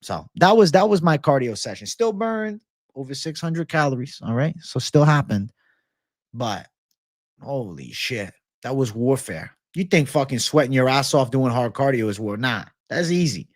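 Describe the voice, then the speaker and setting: A man's voice: mid-range voice, lively intonation, moderate pace, no room sound, studio quality. A man hosting a casual livestream Q&A, ranting with a lot of swearing and answering viewer comments. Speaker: livestream host.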